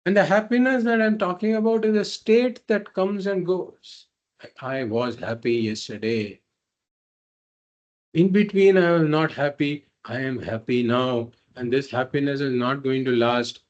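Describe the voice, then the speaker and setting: A man's voice: on the high side, measured pace, highs cut off. A man teaching a spiritual philosophy class, explaining patiently and repeating points through simple examples. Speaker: Vedanta teacher.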